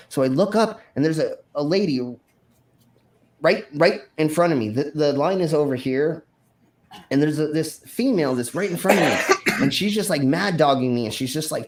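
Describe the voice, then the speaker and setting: Casually recounting a wild episode from his past, a stream host rambles and swears, full of fillers and restarts, while performing the lines he shouted back then. His voice sits on the high side with lively intonation, and he speaks at a normal speed.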